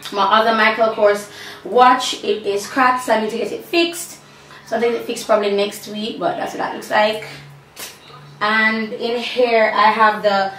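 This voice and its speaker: A woman with a fairly high, slightly bright voice vlogs in a casual, chatty way, showing what's in her bag and tossing sassy asides to viewers. She's out of breath, recording in a room at home with a fan. The room is echoey, she's far from the mic, and there's a faint hum.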